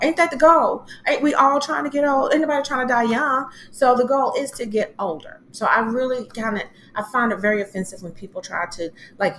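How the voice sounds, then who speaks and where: A woman hosting a casual solo TV recap, chatty and animated, acting out what people said in quoted voices. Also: mid-range voice, roomy sound, slight background noise. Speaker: TV recap host.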